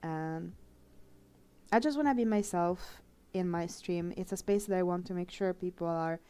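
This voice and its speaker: Emotional, halting woman art streamer. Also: on the low side, warm tone, clean tone. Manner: emotional, heartfelt, halting with fillers. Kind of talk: casual live-stream chat while drawing.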